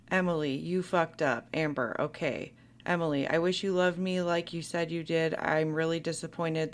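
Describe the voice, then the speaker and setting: A low-pitched synthetic female voice reads text messages aloud, voicing both sides of an argument with an even, computer-like delivery.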